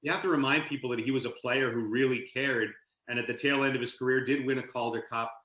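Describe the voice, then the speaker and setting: A man with a bright, forceful voice tells stories at an animated clip, now and then laughing as he goes. He sounds like a guest on a casual podcast, and the sound carries a roomy echo. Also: medium pitch, quick pace. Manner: animated anecdote-telling, laughs mid-story. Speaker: podcast guest, author and sportscaster. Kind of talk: casual storytelling interview.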